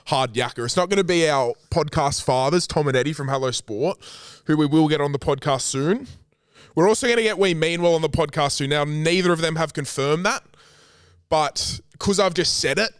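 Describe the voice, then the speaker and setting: A man's voice: on the high side, dry recording, studio quality. A young man with an Australian accent hosting a casual solo podcast, talking in a brash, profane, teasing way. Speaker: podcast host.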